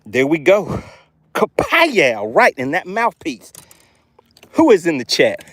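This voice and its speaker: A man streaming live from a fishing boat, breathless and excitable, his voice leaping up and down as he calls out to his viewers. The sound is dry and close, with no room around it. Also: a little high, takes it slowly, dry recording. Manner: excitable, keeps exclaiming and addressing viewers as guys. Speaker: fishing channel host.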